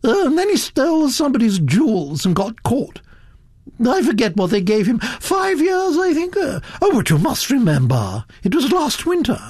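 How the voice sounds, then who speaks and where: A man voicing an imperious elderly duchess, blunt and domineering, speaking in a brisk, commanding way. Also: extremely high pitch, huge pitch swings, darkish tone, husky, dry recording, studio quality, pitched above the performer's own voice, full character voice.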